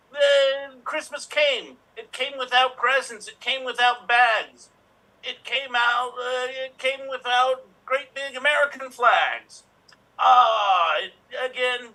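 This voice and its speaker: A man playing a grumpy green creature whose heart has just softened, talking in a goofy, rambling, exclamatory way. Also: high voice, vocal fry, full character voice, rough recording.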